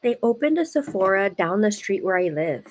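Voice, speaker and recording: A woman's voice: medium pitch, normal speed, slight background noise. A woman hosting a live stream, telling a story in a casual, chatty way full of "like" and "you know". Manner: chatty, animated, heavy use of "like". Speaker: livestream host. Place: at home, seated.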